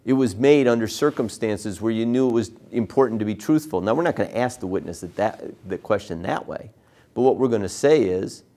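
In a trial advocacy class, a man whose voice is lowish and dark and a little fast breaks down cross-examination step by step. He dramatizes sample questions to a witness, voicing the lawyer and witness loudly.

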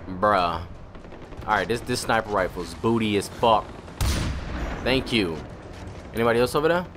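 A young man doing profane, excitable let's-play commentary. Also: medium pitch, a little slow, long pauses, slight background noise. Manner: profane, excitable trash talk. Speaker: gamer commentator.

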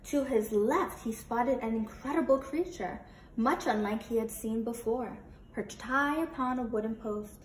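Animated woman reading a children's book. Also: a little high, unhurried. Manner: animated, asks children questions. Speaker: teacher and children's author. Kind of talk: interactive read-aloud for children. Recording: roomy with faint noise.

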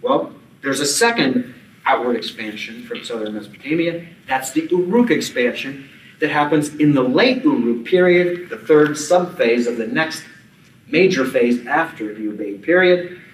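A man's voice: medium pitch, lively intonation, moderate pace, a little hiss or hum. Man, archaeology lecture, conference talk, dry asides, distant mic, echoey hall. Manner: informal asides and dry jokes between academic points.

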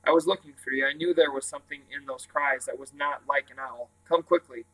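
Great Uncle Merry, a man reading as a calm, stern old guardian. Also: fairly quick, rough recording. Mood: urgent. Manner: low, urgent, calm.

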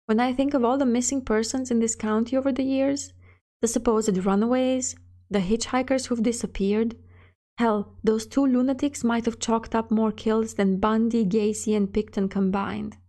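A woman's voice: a little high, fairly even intonation, moderate pace, mellow, natural voice. A woman reading the part of a middle-aged male sheriff, heavy with guilt and self-reproach, in a storybook reading. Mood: troubled.

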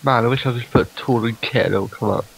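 A man's voice: medium pitch, quick pace, gravelly, slight background noise, poor audio. A man playing a game with a friend, teasing him dryly when he dies. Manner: dry teasing remarks. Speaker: gamer. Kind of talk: casual gaming chat.

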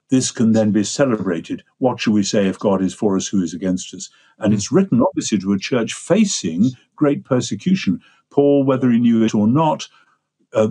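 A man's voice: fairly low pitch, warm tone, husky. An older man with an English accent, explaining ideas at length in a discursive, lecturing way as an interview guest. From England. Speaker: guest theologian.

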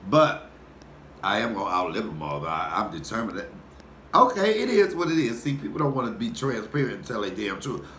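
A man's voice: fairly low pitch, brisk. Profane man ranting at camera. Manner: profane, animated storytelling. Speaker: comedian vlogger. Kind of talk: casual mukbang rant. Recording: echoey room with faint noise.

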